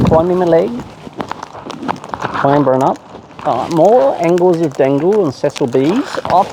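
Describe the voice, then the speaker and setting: Surrounded by wild cockatoos outdoors, a man who vlogs bird feeding chatters in playful baby talk with plenty of coos and silly nicknames. He speaks at a fairly high pitch, very animated and at normal speed, over a noisy outdoor background.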